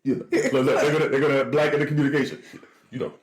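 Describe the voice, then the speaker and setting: A man, co-hosting a casual podcast chat, playful and quick to laugh as he teases his co-host. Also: on the high side, reverberant. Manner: animated, laughing often, playful teasing.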